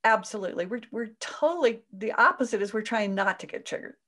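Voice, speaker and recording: A woman talking as a parenting coach in an interview. Her delivery is gentle and soothing, with an explaining tone. When she acts out quoted voices, her pitch jumps up sharply. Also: lively intonation, brisk.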